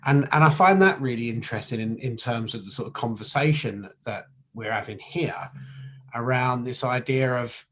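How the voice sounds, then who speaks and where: A man's voice: mid-range voice, moderate pace, fairly bright tone. Guy hosting a casual chat, keeps restarting sentences, ums and you knows. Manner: hesitant, many restarts and fillers. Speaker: podcast host. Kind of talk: casual conversation.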